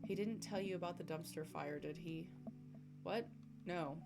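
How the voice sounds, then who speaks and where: Playing a dating game on stream, this young woman gives the characters voices as she reads and chats in between. She speaks at a moderate pace in a lowish voice, giggling and lively, as music plays behind her.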